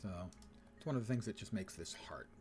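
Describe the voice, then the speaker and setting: A man's voice: lowish voice, expressive, a little fast, heavy background noise. A man streaming a game, commenting casually with dry sarcasm and playful wordplay.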